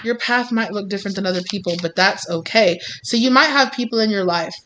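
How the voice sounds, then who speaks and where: A woman's voice: mid-range voice, a little fast, a bit bright, a little hiss or hum. Encouraging woman doing a tarot reading. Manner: encouraging, repetitive, informal. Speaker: tarot reader.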